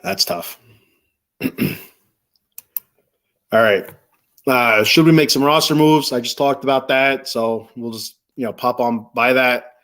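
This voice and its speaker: A man's voice: mid-range voice, steady tone, normal speed, a bit bright. A man hosting a casual sports talk stream, rambling with lots of fillers and repeats. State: choked up. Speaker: sports podcast host.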